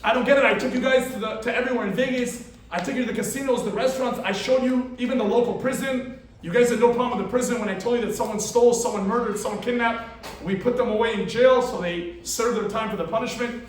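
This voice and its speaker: Easygoing local tour guide voiced by a preacher: casual and chummy, in a fairly high voice from far off in a very echoey hall. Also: male voice, fairly even intonation, quick pace, a little hiss or hum. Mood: puzzled.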